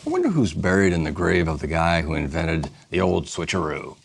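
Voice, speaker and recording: A man's voice: low-pitched, very animated, fairly quick, gravelly, slight background noise. A man who is a talk show guest, reading jokes and laughing at his own lines. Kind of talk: casual talk show banter.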